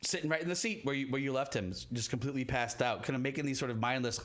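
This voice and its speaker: A man's voice: medium pitch, racing, fairly bright tone. A man narrating a live tabletop game as game master, rambling with many fillers.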